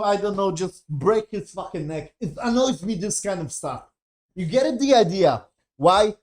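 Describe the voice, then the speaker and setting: A man's voice: high-pitched, lively intonation, normal speed. Exasperated, foul-mouthed male reviewer. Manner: exasperated, heavy swearing, rambling; non-native English grammar. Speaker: TV series reviewer. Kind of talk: casual spoken review.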